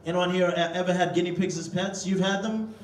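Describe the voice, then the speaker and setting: A stand-up comedian from Africa, loose and profane, chatting with the crowd in a comedy club. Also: male voice, sits high, steady tone, brisk, slight background noise. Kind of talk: stand-up routine. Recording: roomy hall, distant mic, crowd laughter. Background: audience laughter.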